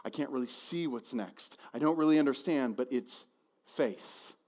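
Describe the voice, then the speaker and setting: A male pastor preaching a sermon in a conversational, animated way, often repeating words as he goes. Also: mid-range voice, normal speed.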